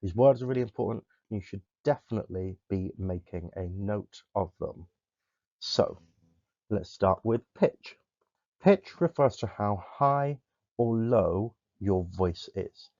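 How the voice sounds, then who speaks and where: Mellow-voiced drama teacher. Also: male voice, fairly low pitch, slow pace, no echo. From Somerset, England. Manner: clear, explanatory, demonstrates vocal techniques. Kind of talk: recorded classroom lesson. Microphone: close desk microphone. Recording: dull, lo-fi dry recording.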